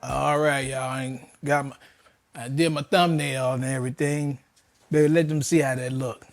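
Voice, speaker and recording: A man, chatting excitedly to viewers while barbecuing wings outdoors in the cold. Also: medium pitch, normal speed, creaky, no echo, soft background music. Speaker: home barbecue cook. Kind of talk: casual cooking vlog. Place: outdoors by a smoker in winter.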